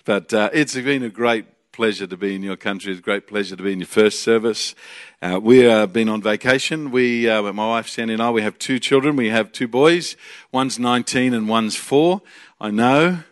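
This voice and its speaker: A man's voice: lowish voice, moderate pace, no echo, studio quality. An Australian man in his forties, a guest pastor preaching a chatty, joking sermon with bursts of energy.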